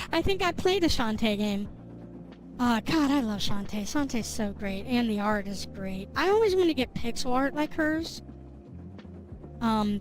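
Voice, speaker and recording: A bubbly woman streamer with a high voice rambles to her chat and drops casual swears. She talks slowly and unhurriedly, with faint music playing behind her. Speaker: game streamer.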